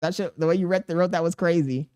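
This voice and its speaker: A man's voice: a little high, fast, clear, resonant tone. A man live streaming, reading his chat aloud and bantering back in profane, slangy talk. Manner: slangy and animated.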